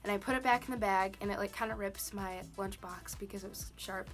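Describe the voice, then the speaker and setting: A woman's voice: mid-range voice, steady tone, brisk, fairly bright tone, soft background music. A young woman chatting casually to the camera, telling a personal story with many "like" and "um" fillers. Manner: chatty, lots of "like" and "um". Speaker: vlogger.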